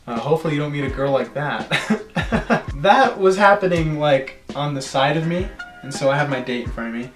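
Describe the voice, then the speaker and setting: A young man in his teens telling a story in a casual vlog, animated and chatty, slipping into silly voices now and then. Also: on the high side, moderate pace, roomy sound, soft background music. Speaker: storytelling vlogger.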